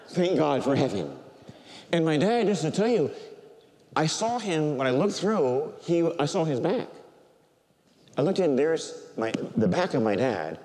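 An older man, a Catholic priest, preaching a sermon and telling a personal story with animated, emotional delivery that softens when he is moved. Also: a little high, slight background noise. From United States. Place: large church. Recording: church hall reverb.

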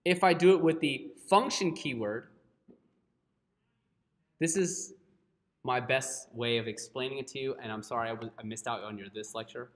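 A man's voice: medium pitch, normal speed, pauses often. A man teaching a live coding class, who keeps checking in with his students and often apologizes. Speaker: coding instructor.

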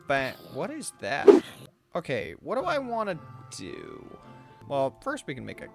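A young adult playing a video game alone and commenting, excitable, talking to the game's animals and yelping when startled. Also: medium pitch, slow, gravelly, pauses often, music in the background. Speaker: let's play gamer.

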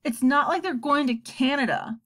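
A woman's voice: high voice, moderate pace, a bit bright, voice pushed up. A woman voicing an easily upset young boy, speaking in a raised, tense way in a storybook reading. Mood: earnest.

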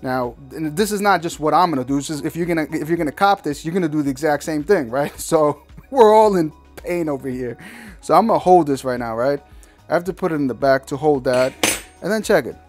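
A man's voice: on the high side, lively intonation, a little fast, faint music behind. Slangy, fed-up man reviewing tech. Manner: slangy, exasperated ranting, calls viewers "cats". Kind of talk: casual product install walkthrough.

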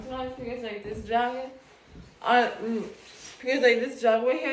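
High-voiced woman rambling on a walk. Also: steady tone, normal speed, slight background noise. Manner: rambling, repeats "you guys" constantly. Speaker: vlogger. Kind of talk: casual walking vlog. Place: outdoors on a walk.

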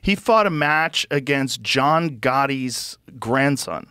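A man hosting a podcast in casual chat, emphatic and swearing freely, loudly acting out the lines of the people he talks about. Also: medium pitch, expressive, takes it slowly, clear, resonant tone, dry recording, studio quality. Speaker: podcast host.

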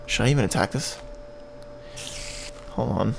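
A man with a Canadian accent hosts a gaming channel, rambling and joking through casual gameplay commentary and sometimes humming or scatting little tunes as he plays. His voice is medium in pitch at a normal speed, with slight background noise.

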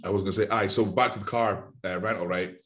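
A man with a Glaswegian Scottish accent rambles through a story in casual podcast chat. His voice sits fairly low. He swears freely and slips into the voices of the people he describes. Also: fairly even intonation, fast, fairly bright tone. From Glasgow, Scotland. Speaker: podcast co-host.

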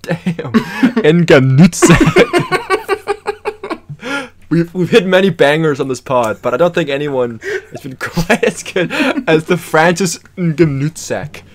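A man's voice: on the high side, slow. A man co-hosting a casual podcast, giggling and restarting his sentences often. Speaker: podcast co-host. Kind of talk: casual chat.

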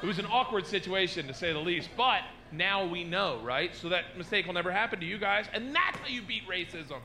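A man doing a stand-up routine, swinging from low confiding asides to loud shouted bursts, recorded live with an audience laughing. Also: expressive, fairly quick, slight background noise. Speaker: stand-up comedian.

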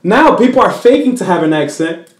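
Brisk and high-pitched, a male comedian speaks in a reverberant room. Born in the Dominican Republic and appearing as an interview guest, he keeps it casual, blends English with Spanish, and puts on voices animatedly as he tells stories.

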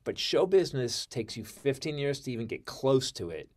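A middle-aged man in a podcast interview, telling a story full of swearing. His voice sits at an ordinary pitch, and he swings from loud bursts down to near-mutters. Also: very animated, normal speed. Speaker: comedian guest. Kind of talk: animated storytelling.

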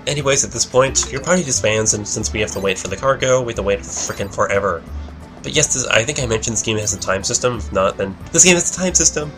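A man's voice: medium pitch, expressive, fast, over music. A young man in his late teens giving casual gameplay commentary, mumbling and rambling with frequent self-corrections. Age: young adult. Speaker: let's play commentator.

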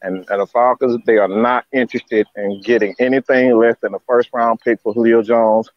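A man co-hosting a fan sports show from home, hoarse after losing his voice, stammering and distraught. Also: fairly even intonation, normal speed, no room sound, lo-fi sound. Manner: distraught, stammering, high-pitched outbursts. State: hoarse, lost voice. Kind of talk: emotional live sports fan chat. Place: at home, hot house.

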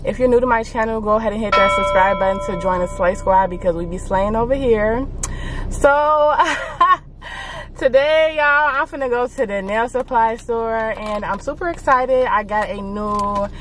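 A woman's voice: a little high, a little fast, hardly any pauses, a bit bright, faint music behind. A woman beauty vlogger chatting casually and upbeat to her viewers from inside a car. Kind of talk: casual vlog chat to camera.

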